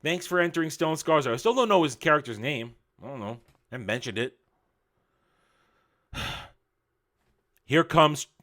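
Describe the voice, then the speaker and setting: Angry, sarcastic male reviewer; high, bright voice; loud outbursts, muttered asides. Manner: angry, sarcastic, mocking, swings loud and soft. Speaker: show reviewer. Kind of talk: ranting review commentary.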